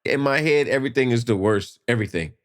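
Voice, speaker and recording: A man telling a personal story in casual conversation, animated, acting out voices and sound effects. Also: mid-range voice, fast talker. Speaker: podcast guest.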